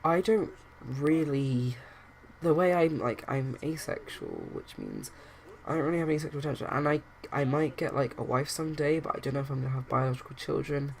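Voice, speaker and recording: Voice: mid-range voice, animated, a little fast, vocal fry, slight background noise. A host narrating a life-simulation game casually, retelling scenes with quoted lines. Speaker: let's play host.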